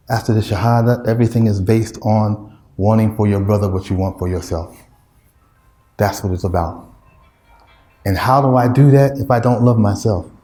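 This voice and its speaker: A man's voice: on the low side, dark tone, echoey room. A man with an American accent preaching a sermon, emphatic and repetitive, with street slang. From United States.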